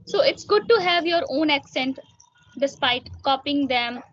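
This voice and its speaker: A young woman, a student, talking in a casual practice conversation and speaking carefully with many filler pauses. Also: high-pitched, animated, a bit bright. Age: young adult. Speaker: student learner. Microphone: online voice call. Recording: dry, dull call audio.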